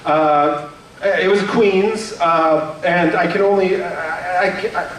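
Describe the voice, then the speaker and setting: A man's voice: high voice, steady tone, takes it slowly, fairly bright tone, slight background noise. Nervous young male stand-up comic, echoey room. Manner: nervous, self-deprecating storytelling with many fillers. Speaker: stand-up comedian. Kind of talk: stand-up comedy set. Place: comedy club stage. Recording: echoey room, mic heard from a distance.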